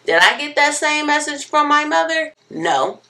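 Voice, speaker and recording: A young woman tells a personal story straight to her camera, candid and expressive. Her pitch swings up and down a lot and her tone is bright. She sits a little way back from the mic indoors. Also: moderate pace, recorded from a distance. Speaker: vlogger. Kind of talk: casual storytelling.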